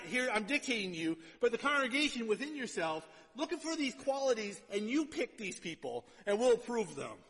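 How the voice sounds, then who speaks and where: A male pastor gives a casual, conversational sermon and keeps asking his congregation "right?" His voice sits high for a man. It rings with the long reverb of a large hall. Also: sharp tone.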